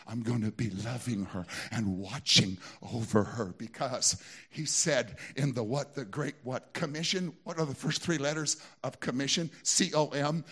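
A man with a Southern American accent preaching a sermon in a church, moving between hushed storytelling and shouted exhortation. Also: a little high, breathy edge. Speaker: pastor.

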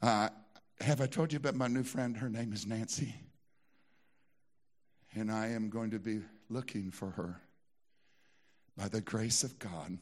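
A Southern American pastor delivers a church sermon in a lowish, unhurried voice that pauses often. He alternates between quiet storytelling and shouted exhortation.

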